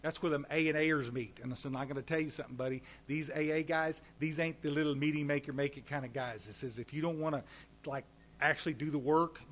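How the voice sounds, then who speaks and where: A man telling his recovery story at a meeting, folksy and animated, talking straight to the audience. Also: mid-range voice. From Texas. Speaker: recovery speaker.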